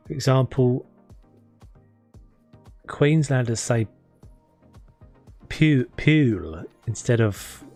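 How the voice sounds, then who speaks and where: A man's voice: medium pitch, darkish tone. Guy rambling away while gaming, lots of restarts, bit of music under it. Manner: rambling, chatty, many restarts. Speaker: gaming streamer. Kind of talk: casual chat while playing. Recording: faint music behind.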